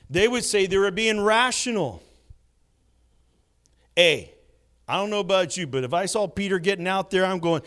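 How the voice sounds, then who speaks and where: A man preaching a sermon, swinging between hushed moments and loud bursts. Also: high voice, animated, normal speed, pauses often, clear, resonant tone. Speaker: pastor.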